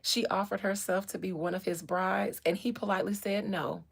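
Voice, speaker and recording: Gravelly, sassy woman on a live stream. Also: mid-range voice, fairly even intonation, moderate pace. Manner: blunt, slangy, profane, sassy. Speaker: livestream host.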